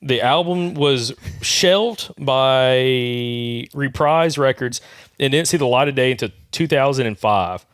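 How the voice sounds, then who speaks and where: A man co-hosting an outdoors podcast, talking in a folksy way and reading aloud haltingly. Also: medium pitch, a bit bright, clear, resonant tone, dry recording, clean studio sound. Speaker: podcast co-host. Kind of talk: casual chat.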